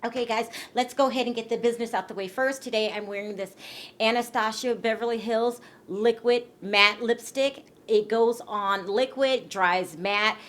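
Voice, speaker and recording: A woman's voice: on the high side, fairly even intonation, normal speed, fairly bright tone. A woman from California talking casually to her camera about celebrity gossip, chatty and emphatic, repeating words for stress and often asking her viewers "okay?". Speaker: YouTube gossip vlogger.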